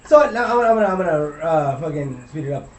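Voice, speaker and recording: A man's voice: a little high, lively intonation, quick pace. A young man from Laredo, Texas, telling a long story in a rambling, profane way that trails off into mumbles. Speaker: podcast co-host telling a story. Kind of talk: casual storytelling. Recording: roomy room, mic at a distance, faint hiss.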